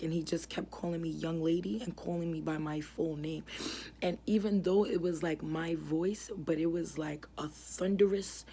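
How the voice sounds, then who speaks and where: A young woman giving an earnest personal religious testimony, halting and full of fillers and restarts. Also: fairly low pitch, gravelly, mellow, a little hiss or hum. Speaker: ministry founder giving testimony.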